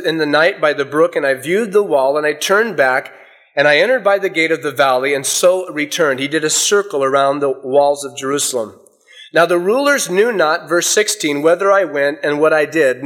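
A man's voice: fairly high pitch, fairly bright tone. A middle-aged man preaching a sermon, reading scripture aloud and explaining it with folksy asides. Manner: reads scripture aloud, then explains it with illustrations.

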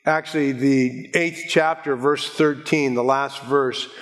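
A man preaching an expository sermon as pastor. He explains calmly and slows down to stress key words. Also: mid-range voice, in a large hall, faint music behind. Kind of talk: expository Bible teaching sermon.

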